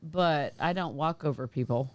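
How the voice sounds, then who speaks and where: A woman's voice: low-pitched, normal speed, darkish tone, dry recording. A woman in casual podcast chat, brash and joking about herself. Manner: brash and joking, calls herself a hard bitch.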